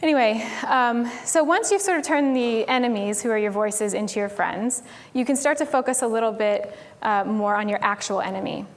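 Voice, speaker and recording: A Tennessee woman gives a casual on-stage conference talk in a slightly high voice at a normal speed, rarely pausing. She's chatty and keeps dropping "like" and "um."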